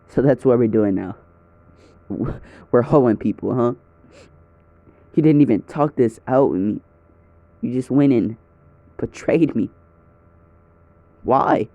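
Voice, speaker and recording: A man's voice: mid-range voice, mellow, dry recording, lightly acted. A man voicing a betrayed young male hero who turns coldly vengeful, in a fan story read over a dull lo-fi recording. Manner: wounded, then icy and threatening.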